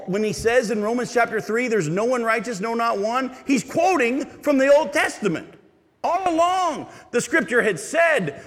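A man preaching a sermon as pastor, animated and asking the congregation rhetorical questions. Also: high-pitched, big-room sound.

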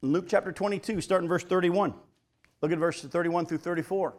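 Middle-aged male pastor, slightly high voice, emphatic sermon delivery. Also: fairly even intonation. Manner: emphatic preaching, slows for key points, addresses folks directly.

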